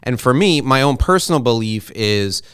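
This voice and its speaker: A middle-aged man hosts a casual interview, his voice smooth and resonant, recorded close and dry. He talks in long, rambling stretches full of asides and restarts, openly emotional. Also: medium pitch, lively intonation, normal speed, a bit bright, dry recording. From United States. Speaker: podcast host and interviewer.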